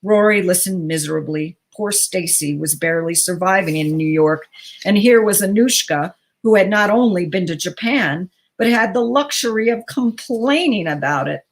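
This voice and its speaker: A woman reading a short story aloud in a measured, even narrating voice for a theatre's live-stream reading. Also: medium pitch. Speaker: reader. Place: local theatre livestream.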